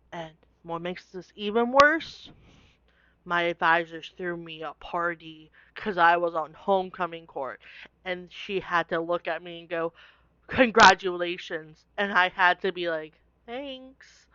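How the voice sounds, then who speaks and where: A young woman tells stories in a casual, chatty vlog way, laughing now and then and scattering "like" through her sentences. Her voice is smooth and clear. The recording is dry and a little dull. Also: mid-range voice, a bit bright, dry recording. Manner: chatty, laughing, with many "like" fillers. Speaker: vlogger. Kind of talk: casual storytelling.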